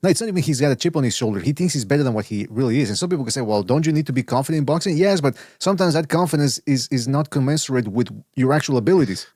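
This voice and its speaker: A man's voice: medium pitch, lively intonation, racing, few pauses, a little mellow, no echo, studio quality. A man co-hosting a boxing podcast in casual chat, rambling with many stammers and restarts. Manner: rambling, stammers and restarts, mimics others' voices. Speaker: podcast co-host.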